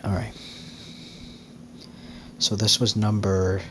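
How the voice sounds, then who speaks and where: Low-voiced man musing aloud. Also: level tone, a bit bright, a little hiss or hum. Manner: musing, halting with fillers. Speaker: reader and host. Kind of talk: reading then casual commentary.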